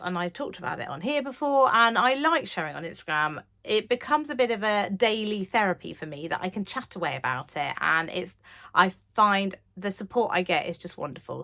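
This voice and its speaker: A woman in her thirties chatting to camera about sewing from her home sewing room, gushing and chatty, sometimes dropping to a whisper. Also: lowish voice. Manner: gushing, chatty, drops to whispers when excited. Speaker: sewing vlogger. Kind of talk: casual chat to camera.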